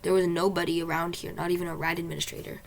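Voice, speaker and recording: A woman narrating her own storybook in first person, in a lowish, gravelly voice. The delivery is plain with occasional restarts, and a faint hiss sits under the recording. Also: flat delivery, fast talker. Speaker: author reading own book.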